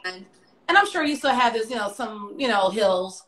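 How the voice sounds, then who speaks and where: A woman's voice: a little high, lively intonation, moderate pace, a bit bright, rough recording. A woman hosting a casual interview, chatty and effusive, heaping praise on her guest. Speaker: interview host.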